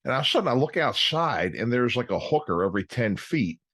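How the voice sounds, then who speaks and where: Male host, lively pitch, relaxed drawn-out storyteller. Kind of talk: casual chat.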